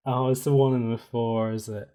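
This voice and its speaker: A man's voice: medium pitch, level tone, normal speed, mellow. A man narrating as game master of a tabletop role-playing game, playful and laughing often.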